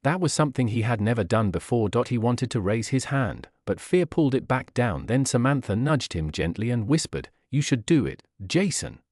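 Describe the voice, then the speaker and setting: Man, graded-reader narrator, clear measured delivery, lively intonation. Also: medium pitch, dry recording, clean studio sound. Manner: clear, measured reading for learners. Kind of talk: scripted storybook narration.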